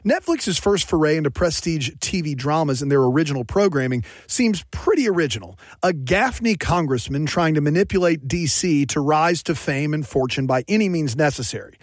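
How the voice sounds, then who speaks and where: A man's voice: on the high side, lively intonation, moderate pace, hardly any pauses, no echo. A man hosting a trivia game, reading questions and adding chatty, upbeat asides. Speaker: quiz host.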